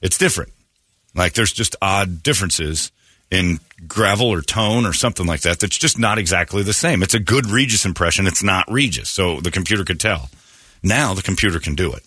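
A man hosting a morning radio show, telling stories in casual banter and slipping into quick impressions. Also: low-pitched, breathy edge, no echo. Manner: storytelling, animated, slips into impressions.

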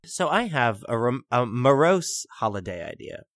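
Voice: mid-range voice, big pitch swings, normal speed, no room sound, studio quality. A podcast co-host riffing through improvised comedic worldbuilding, swearing freely and slipping into voices. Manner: profane, riffing, puts on voices.

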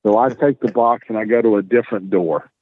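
A man, a guest telling an animated story and acting out the dialogue. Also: fairly low pitch, a little fast, husky, dry recording. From Tennessee, US. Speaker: guest, wrestler. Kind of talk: casual storytelling. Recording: tinny phone-like line.

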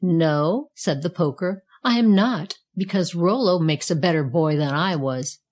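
A woman voicing a cheerful, self-satisfied talking fire poker in a read-aloud storybook, speaking calmly. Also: on the low side, a little slow. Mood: contented.

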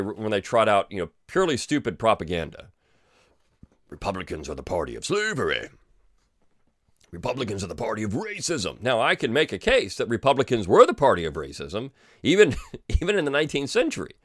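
A man's voice: mid-range voice, no room sound, clean studio sound. A man hosting a history podcast, giving opinionated, sarcastic commentary with many fillers and restarts. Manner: sarcastic, lively emphasis, frequent fillers and restarts. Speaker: podcast host and history teacher. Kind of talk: opinionated commentary reading a script aloud.

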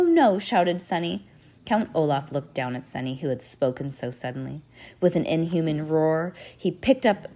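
Brief: female storybook narrator, expressive read-aloud, slightly low pitch. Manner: expressive reading with varied pace.

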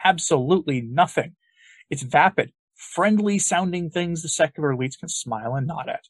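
A man hosts an opinion podcast in a somewhat high, husky voice. He argues his points emphatically, with a sarcastic edge. The sound is dry, with little room echo. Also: normal speed. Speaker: podcast host.

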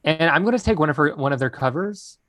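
A man's voice: on the high side, expressive, quick pace, fairly bright tone, dry recording. Upbeat man hosting a podcast, dry sound. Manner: upbeat and rambling, laughs often. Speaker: podcast host. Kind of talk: casual podcast chat.

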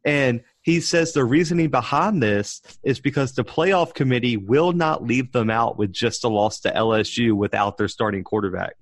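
A young man, a podcast co-host in casual sports chat, talking in animated, worked-up rants at a desk microphone. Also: mid-range voice, moderate pace, few pauses, no room sound. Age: young adult. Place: home setup, rolling desk chair.

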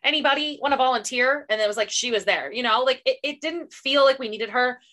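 Bright-voiced woman podcast co-host; blunt, sarcastic, swears freely. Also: on the high side, brisk. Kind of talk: casual book club chat.

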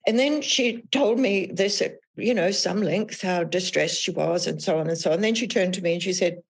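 A woman author as an interview guest, talking thoughtfully about her experiences in a measured, reflective way. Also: lowish voice, vocal fry, husky. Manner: thoughtful, measured, with frequent restarts. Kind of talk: reflective podcast conversation.

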